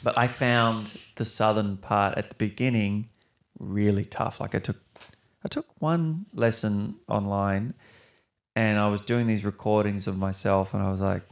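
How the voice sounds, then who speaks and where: Guesting on a podcast, a young male actor rambles casually through interview chat, restarting many times and using mild profanity. He speaks at a moderate pace in a voice on the low side.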